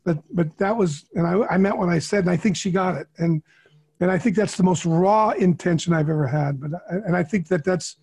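A man's voice: high voice, a little fast, a little mellow, husky. A middle-aged man, a podcast co-host, telling a heartfelt personal story in an earnest way and often repeating words. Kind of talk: candid storytelling.

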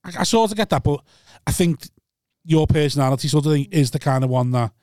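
A man's voice: fairly high pitch, animated, fairly quick, darkish tone, dry recording, studio quality. A man comedian from Liverpool with a Scouse accent, chatting casually on a podcast in a blunt way, with swearing and restarts.

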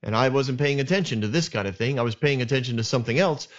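A man's voice: mid-range voice, quick pace. Lo-fi male podcast storyteller. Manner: animated retelling with acted asides. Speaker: podcast host retelling Bible stories. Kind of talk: casual storytelling. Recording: dull lo-fi sound.

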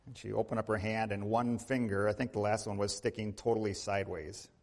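A male pastor preaching a sermon, telling a story with big swings in pitch and loudness and asking the congregation questions. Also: flat delivery, fairly quick. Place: church sanctuary. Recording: long church reverb.

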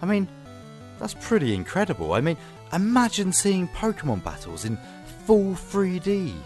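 A man's voice: sits high, huge pitch swings, moderate pace, a little mellow, soft background music. A man hosting a podcast, chatting playfully and laughing often, then reading his film review. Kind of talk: casual chat and scripted film review.

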